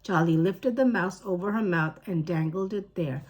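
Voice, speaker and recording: A woman teacher reading a children's chapter book aloud with slow, careful storytelling. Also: lowish voice, a little mellow.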